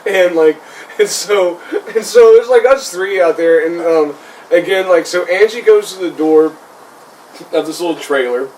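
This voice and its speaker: A young man hosting a podcast tells a humorous ghost story at a measured pace, his high voice darkish in tone. He rambles and leans on "like" a lot, and the recording has a slightly distant mic and faint noise.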